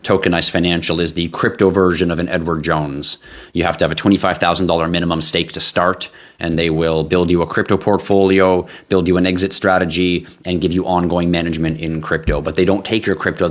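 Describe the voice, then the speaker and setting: Low-voiced tired man hosting a live chat. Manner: relaxed, chatty, reads viewer questions aloud and answers. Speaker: livestream host answering crypto questions. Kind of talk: casual live Q&A.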